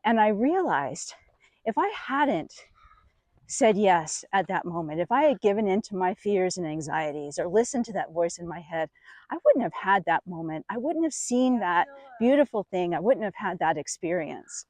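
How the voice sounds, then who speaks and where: A middle-aged woman telling a personal story in an animated, expressive way. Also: on the low side, moderate pace, no echo. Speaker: speaker. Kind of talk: storytelling talk.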